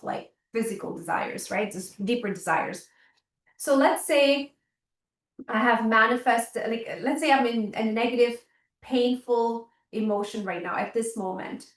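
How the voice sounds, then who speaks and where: Earnest woman teaching, roomy and distant. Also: a little high. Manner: earnest, repetitive, checks in with listeners. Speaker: chiropractor leading a workshop. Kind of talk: workshop teaching talk. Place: indoor workshop room. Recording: roomy sound, mic at a distance.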